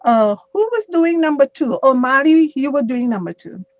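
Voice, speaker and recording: A woman teaching an English grammar class on a video call, explaining slowly and patiently with examples. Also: sits high, animated, dry recording. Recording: dull lo-fi online call audio.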